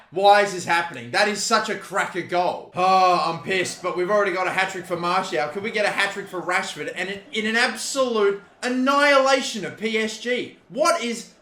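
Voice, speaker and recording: A young man with an Australian accent, giving live gameplay commentary, excitable and swearing, shouting at big moments. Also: sits high, echoey room. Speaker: gaming YouTuber.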